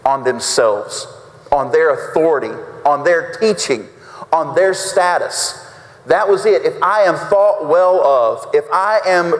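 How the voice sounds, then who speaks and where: A male pastor preaching a folksy sermon, acting out quotes with big swings in his voice. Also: a little high. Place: church sanctuary. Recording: reverberant church sanctuary.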